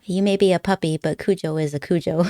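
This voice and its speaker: A woman streamer rambles through a casual chat with her viewers, giggling often and teasing them playfully. Her voice sits fairly low, and the close mic sounds dry with no room echo. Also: steady tone, a little fast, warm tone. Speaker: live streamer.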